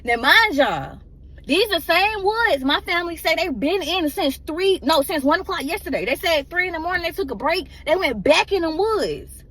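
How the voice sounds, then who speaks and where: A woman's voice: very high voice, animated, moderate pace, a bit bright. A woman emotionally telling a personal story in a casual, rambling way and often addressing her listeners directly.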